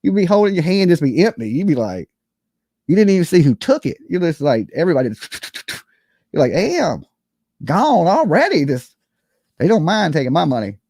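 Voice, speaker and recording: A man's voice: fairly high pitch, sing-song, brisk, pauses often, dark tone, no echo, clean studio sound. A man hosting his own online show, ranting in a casual, boastful and joking way, swearing freely and asking his listeners if they follow him. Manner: boastful, profane, jokey, keeps asking "you know what I'm saying".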